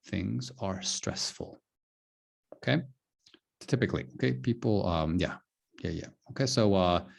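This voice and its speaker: A man teaching an online English lesson, explaining phrases slowly and repeating "okay" often. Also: lowish voice, vocal fry, a little mellow, slightly rough. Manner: slow, repetitive explaining with many "okay"s.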